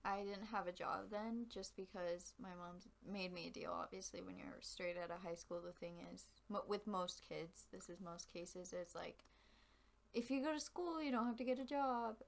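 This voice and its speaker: A woman's voice: medium pitch, normal speed, gravelly. A young woman co-hosting a casual podcast, chatting and telling stories with lots of giggles. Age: young adult. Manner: giggly, animated storytelling. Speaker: podcast co-host. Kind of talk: casual chat.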